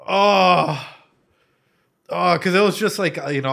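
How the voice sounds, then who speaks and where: A man's voice: sits high, a little slow, vocal fry, pauses often, a bit bright. A man reacting to a show in casual commentary, laughing often, swearing freely and emotional as he tells a heartfelt story. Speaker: anime reaction host.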